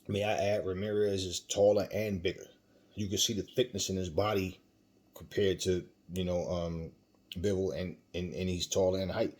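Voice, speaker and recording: Husky low-voiced man giving boxing opinions. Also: little pitch movement, normal speed, a little mellow. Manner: emphatic, rhetorical questions, hesitant fillers. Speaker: boxing commentary host. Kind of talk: opinionated commentary.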